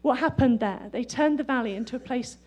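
A middle-aged woman preaching a sermon, lively and excitable, often breaking into laughter. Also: a little high, a little fast.

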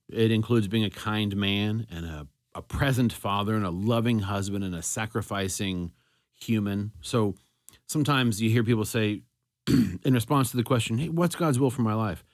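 Low-voiced man musing on faith. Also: dry recording, studio quality. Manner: thinking aloud, self-correcting, conversational. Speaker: podcast host. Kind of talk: solo reflective talk on faith.

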